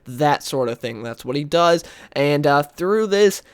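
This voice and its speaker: A man's voice: on the high side, lively intonation, a little slow, clean tone, no echo. Man casually recapping comic stories. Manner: rambling, lots of "like" and "uh"; briefly acts out characters' lines. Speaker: comic book video host. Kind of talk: casual spoken story recap.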